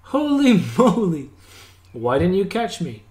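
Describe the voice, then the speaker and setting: A man voicing a playful, mischievous teenage girl while reading a visual novel aloud, in a bouncy, teasing, pitched-up voice. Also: very animated, moderate pace. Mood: indignant.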